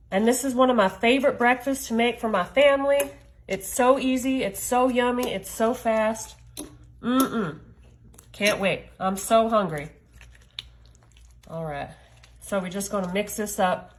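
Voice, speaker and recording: A home cook with a higher-pitched voice demonstrates a recipe in her own kitchen, chatting to viewers in a folksy, direct way. The recording quality is low.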